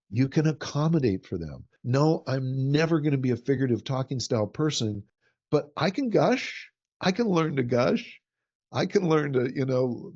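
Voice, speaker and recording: A man teaches a workshop at a middle pitch, earnest and explanatory, often repeating a word as his sentences build. The recording sounds dull and muffled, as if its top end were trimmed. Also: a little mellow. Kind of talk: teaching talk.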